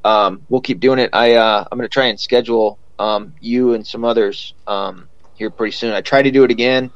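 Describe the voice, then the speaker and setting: A man's voice: mid-range voice, steady tone, brisk, no room sound, highs cut off. A man hosting a podcast in casual chat, rambling with lots of fillers and swearing freely. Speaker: podcast host.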